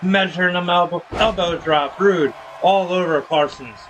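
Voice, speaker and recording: A man's voice: high voice, moderate pace, a bit bright, slight background noise. A man streaming a wrestling video game, calling the action play-by-play with casual slang. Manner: casual, hypes viewers with slang.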